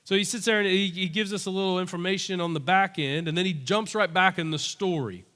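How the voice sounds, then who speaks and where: Animated, bright-voiced male pastor. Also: high-pitched, fairly quick. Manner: animated storytelling, acting out voices. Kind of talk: sermon. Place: church. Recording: long church-hall reverb.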